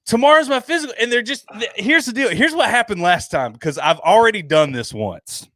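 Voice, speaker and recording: A man's voice: sits high, lively intonation, a little fast, pushed and bright, no room sound, studio quality. A man hosting a casual podcast chat over drinks, tipsy from whiskey and telling a rambling story with lots of laughter. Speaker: podcast host.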